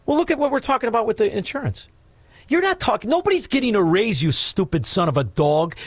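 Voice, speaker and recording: A man's voice: sits high, fairly bright tone, no echo, clean studio sound. Combative, mocking male radio host. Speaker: radio talk show host. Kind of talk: talk radio taking calls. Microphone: studio microphone.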